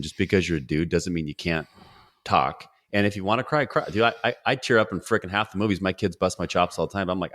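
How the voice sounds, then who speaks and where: A middle-aged man hosting a podcast, casual and enthusiastic, dropping words like dude and bro. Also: deep voice. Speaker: podcast host. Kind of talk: casual interview chat.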